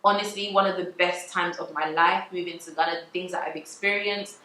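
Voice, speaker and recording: A young woman talks to her viewers in a relaxed, confessional way and laughs easily. Her voice is bright and forward. The room is echoey, with a faint hum of ambience behind her. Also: lowish voice, a little fast. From England. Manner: chatty, confessional, laughs often. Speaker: vlogger. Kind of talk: casual vlog talk to camera.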